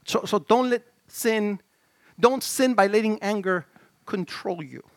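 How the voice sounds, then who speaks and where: A middle-aged male pastor preaching a sermon in an animated, conversational way, with stammered restarts and swings from shouts to low murmurs. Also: unhurried, clean tone, no room sound.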